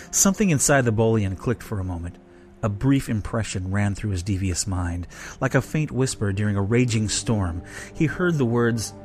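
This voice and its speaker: Low-voiced man reading a story. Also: lively intonation, moderate pace, darkish tone, soft background music. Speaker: story reader. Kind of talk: reading a fan roleplay story aloud.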